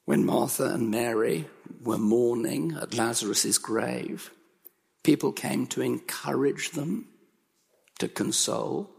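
Gravelly, husky male preacher in a hall. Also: mid-range voice, takes it slowly, a little mellow. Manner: earnest, emphatic, building repetition. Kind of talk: sermon.

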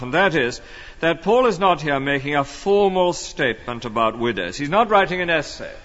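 A man's voice: mid-range voice, fairly bright tone, long reverb tail, lo-fi sound. A man preaching an expository sermon in an earnest, emphatic way. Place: church.

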